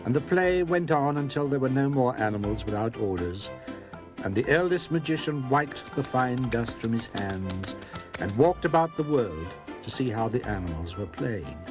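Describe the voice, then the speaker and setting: A man narrating a children's storybook in a calm, clear way. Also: medium pitch, normal speed. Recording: soft music under narration.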